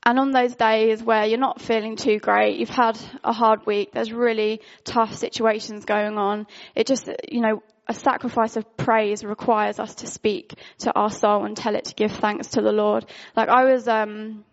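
A woman speaks in an informal, candid sermon, chatty and full of fillers. Her voice sits fairly high with a gravelly fry. The recording sounds dull and lo-fi. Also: little pitch movement, moderate pace, few pauses. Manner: candid, conversational, frequent fillers. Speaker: worship speaker.

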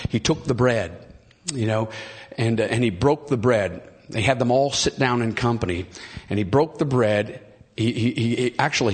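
Male preacher, middle-aged, husky mid-range voice. Excited, repetitive sermon delivery that restarts phrases and calls out to the room. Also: medium pitch. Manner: calls out to the congregation.

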